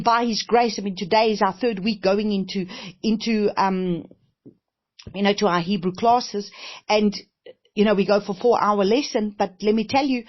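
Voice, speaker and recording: A woman's voice: mid-range voice, slightly rough. A woman minister giving a heartfelt, conversational testimony-style sermon, often repeating phrases and saying "you know". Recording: dull lo-fi recording.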